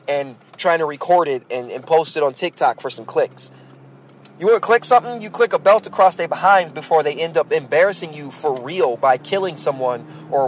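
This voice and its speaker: Podcast host, male, high-pitched, blunt and exasperated, rambling rant, faint traffic behind. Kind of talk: ranting monologue.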